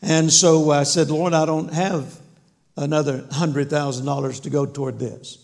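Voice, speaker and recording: A male preacher delivers a storytelling sermon with a gravelly edge to his voice. He keeps the humor folksy and acts out the dialogue as he goes, and his voice sits a little high for a man. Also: level tone, normal speed, a little mellow. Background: audience laughter.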